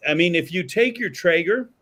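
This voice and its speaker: A man co-hosting a podcast in casual chat, joking and excitable, swearing freely. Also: high-pitched, normal speed. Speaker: podcast co-host. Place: podcast studio.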